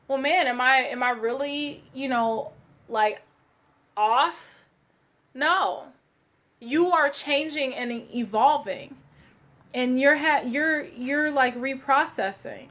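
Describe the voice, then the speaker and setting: A woman doing a casual card reading for her viewers, gentle and searching, with many fillers and restarts. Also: high-pitched. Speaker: tarot card reader.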